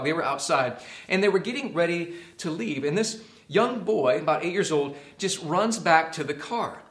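A man preaching a sermon as a pastor, earnest, dropping to a hush and rising to emphasis. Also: a little high, echoey room. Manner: earnest, swings from hushed to emphatic.

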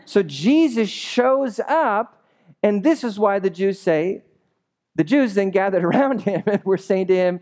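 A man's voice: high-pitched, animated, a little slow, darkish tone. A man preaching a sermon as a pastor in a church, speaking conversationally and animatedly and often checking in with the congregation.

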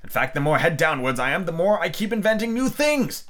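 Storybook figure: grave, rambling knight-inventor, read by a man, raised pitch, animated. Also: brisk. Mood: earnest. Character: bumbling solemn male knight inventor.

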